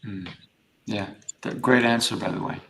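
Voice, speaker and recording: A man hosting a casual interview, thinking aloud with halting, repeated words. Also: on the low side, steady tone, vocal fry, sharp tone, poor audio. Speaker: host.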